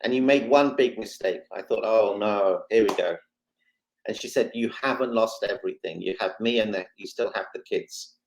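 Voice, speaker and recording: A man, a guest on a talk show, telling a personal story with lively, dramatic retelling and quoted dialogue. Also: on the low side, normal speed, gravelly, low-quality recording. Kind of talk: emotional storytelling.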